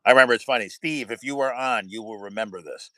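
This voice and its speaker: A man's voice: fairly low pitch, fast, pushed and bright, dry recording, rough recording. A man who works as a building inspector, chatting casually and rambling through road stories. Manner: rambling storyteller, retells anecdotes with quoted voices. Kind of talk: casual chat.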